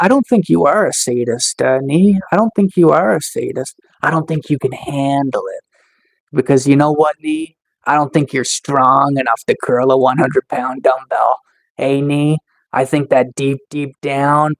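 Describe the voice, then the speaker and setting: Speaking in a mid-range voice, a live-streaming man jokes around in a casual chat, taunting trolls with sarcastic boasts that play at being tough.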